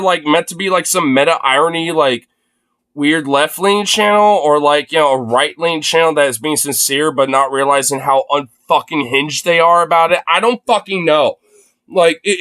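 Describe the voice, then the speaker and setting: A man's voice: on the high side, fairly bright tone. A young man live-streaming his reaction to a video, talking casually with incredulous exclamations and lots of swearing.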